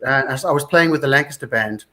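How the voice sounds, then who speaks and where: A man's voice: mid-range voice, quick pace, pushed and bright, a little hiss or hum. A man in his sixties with a South African accent, a musician guest telling rambling, wry anecdotes in a casual interview. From Scotland, raised in South Africa.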